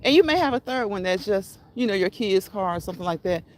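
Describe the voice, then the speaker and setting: A woman hosting a live stream chats casually in an expressive, mid-range voice at a fast pace. She repeats her phrases, encourages her viewers, and laughs at her own lines.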